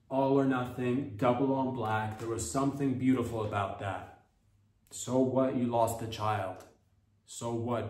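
A man's voice: medium pitch, darkish tone, recorded from a distance. A man hosting a comedy podcast, rambling through an ironic, mock-earnest monologue. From Canada. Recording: echoey room, voice a bit off-mic.

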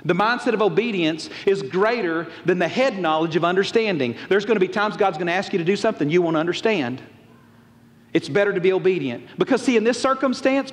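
A pastor preaching a folksy, animated sermon and acting out quotes. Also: male voice, high-pitched. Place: church auditorium. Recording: long reverb of a large church hall.

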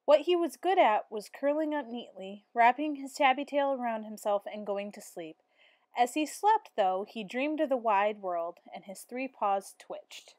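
A woman reading a children's picture book aloud in a steady, expressive way. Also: on the high side, a little slow, no echo. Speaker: teacher.

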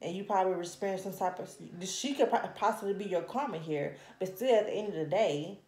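A woman's voice: mid-range voice, a little fast, dark tone, reverberant. Blunt, profane woman tarot reader. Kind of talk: casual tarot reading to camera.

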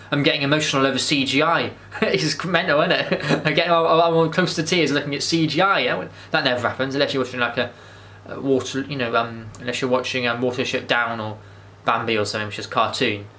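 A man's voice: mid-range voice, pushed and bright, a little hiss or hum. A man, rambling enthusiastically through a casual movie review monologue, with frequent restarts and swearing. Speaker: vlogger.

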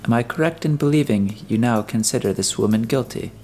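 A man reading an audiobook, voicing a grave, polite humanoid robot in a calm, formal, precise manner. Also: medium pitch, brisk, faint music behind, natural voice. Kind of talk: audiobook character voice.

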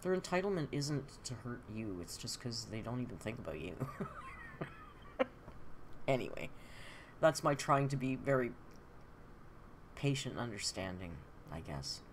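A woman's voice: a bass voice, very animated, normal speed, background noise. A middle-aged woman hosting a live stream, chatting candidly and answering comments from her viewers. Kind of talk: casual live-stream chat.

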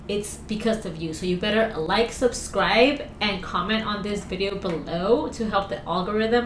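A woman hosting a reaction video from home, talking casually, jumpy and excitable, swearing often. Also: mid-range voice, normal speed, few pauses, echoey room, background noise.

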